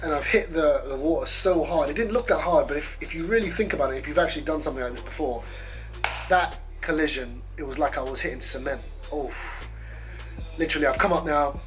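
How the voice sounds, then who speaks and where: A fairly high-voiced man vlogger tells a story straight to camera, animated and loose with swearing. He pokes fun at himself as he goes, with faint music running underneath. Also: brisk. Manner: animated, profane, self-mocking. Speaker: travel vlogger.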